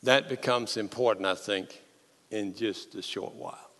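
A man, a pastor preaching a sermon, telling the story with animated swings from loud to hushed. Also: fairly low pitch, measured pace. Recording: long hall reverb.

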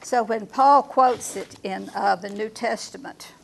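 Woman teaching a bible class, bit of fry in the voice, asks the group stuff. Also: medium pitch, a little hiss or hum. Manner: asks the group questions, reads verses slowly with emphasis. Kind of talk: Bible study lesson.

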